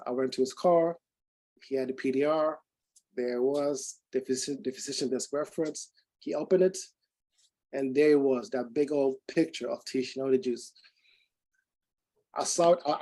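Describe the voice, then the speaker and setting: A man in his forties tells a group a personal story as a testimonial, speaking in a medium-pitched voice, unhurried and with long pauses, on poor audio. He is animated, acting out the quoted dialogue with many restarts.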